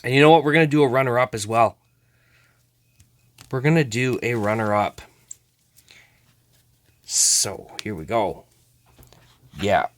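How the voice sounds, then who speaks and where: A man's voice: medium pitch, unhurried, pauses often. A man hosting a casual card-opening vlog, chatting to viewers as he sorts through cards. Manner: chatty, talks to viewers while sorting cards. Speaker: host.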